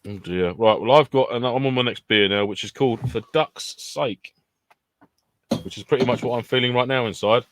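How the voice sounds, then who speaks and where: A man's voice: medium pitch, normal speed, background noise. A man co-hosting a casual podcast chat, bantering and laughing often. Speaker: podcast co-host.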